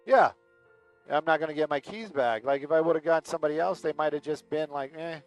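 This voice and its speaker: A man's voice: on the high side, a little fast, faint music behind, low-quality recording. Chatty man telling a rambling story. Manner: chatty, loose, full of fillers and acted-out quotes. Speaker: aerial news pilot and livestream host.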